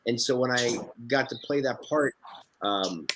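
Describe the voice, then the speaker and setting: A man from Canada, a guest actor, telling profane, animated stories in a casual interview. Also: mid-range voice, measured pace, noisy background.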